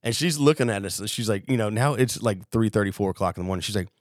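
A young man with a mid-range voice tells a rowdy story, swearing and acting out the people in it. His delivery is animated and conversational. The sound is dry and close to the mic. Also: medium pitch, quick pace, hardly any pauses, dry recording. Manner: animated, profane, acts out quotes. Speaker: podcast co-host. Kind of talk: casual storytelling.

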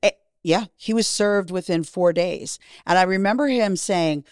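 Frank, lowish-voiced middle-aged woman. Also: moderate pace, darkish tone, smooth, no echo, studio quality. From Canada. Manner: frank, profane, acts out quoted voices. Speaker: interview guest. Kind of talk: candid storytelling.

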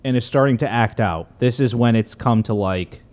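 Relaxed man recapping a movie. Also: mid-range voice, normal speed. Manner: relaxed, recaps scenes with many fillers.

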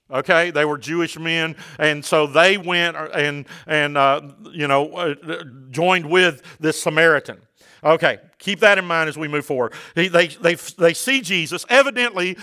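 A man preaching a sermon to his congregation, talking casually with the room and rising to loud, fervent exhortation. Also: high-pitched. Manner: conversational preaching that builds to shouted exhortation. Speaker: pastor.

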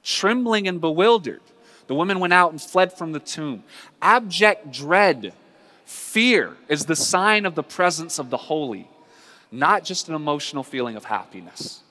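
A man preaching a sermon as a pastor, earnest and conversational, with drawn-out dramatic pauses. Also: a little high, expressive, bright, forceful tone. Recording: long hall reverb.

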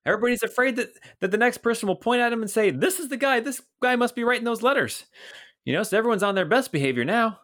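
A man's voice: very high-pitched, lively intonation, quick pace, a bit bright, voice pushed up. A man voicing a gossipy, rambling city guard in his fifties who is nearing retirement, for a tabletop game. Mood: confiding. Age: 50s. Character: chatty rotund older male city guard.

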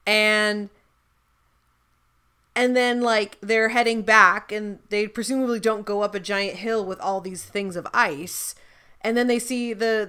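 A young woman chats casually on a podcast, wandering into tangents and restarting her thoughts with a lot of "like." Her pitch stays in an ordinary middle range. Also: sharp tone, smooth. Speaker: podcast co-host. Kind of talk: casual chat about a TV show.

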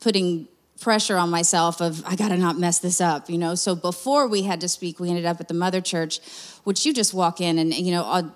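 A woman's voice: on the low side, fairly even intonation, a little fast. A woman giving a chatty testimony to a church congregation, with many fillers. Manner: chatty, warm-hearted storytelling with many fillers. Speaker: church mission team member. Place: church sanctuary.

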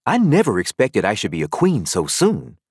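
A man's voice: fairly low pitch, huge pitch swings, moderate pace, darkish tone, slightly rough, no room sound, clean studio sound, exaggerated voice. A man voicing a prim young girl who likes to scold herself, in a storybook reading. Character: prim young girl playing at being a queen. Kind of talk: audiobook character voice.

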